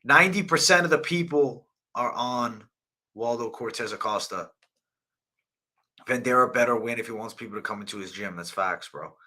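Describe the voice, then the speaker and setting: A man's voice: mid-range voice, normal speed, bright, forceful tone. A young man hosting a live fight betting breakdown, talking in a casual, profane, slangy way. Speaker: host.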